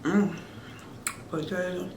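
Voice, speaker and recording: A woman's voice: on the low side, fairly even intonation, takes it slowly, distant mic, background noise. A woman hosting an eating vlog, chatting playfully, humming and savoring between bites. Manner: playful, teasing, talks while chewing with lots of mm sounds. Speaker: mukbang host. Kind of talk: casual eating vlog chat. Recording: roomy sound from off-mic with faint ambience.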